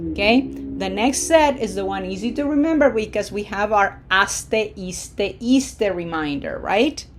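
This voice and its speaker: A woman teaching Spanish verb endings, drilling each form slowly and encouraging her students. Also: medium pitch, animated. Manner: slow, deliberate drill pronunciation with encouraging asides. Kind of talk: language lesson.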